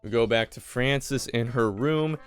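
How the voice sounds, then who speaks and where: A young man casually recapping a horror movie, animated and swearing a lot. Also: medium pitch, measured pace, soft background music. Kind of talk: profane comedic movie recap.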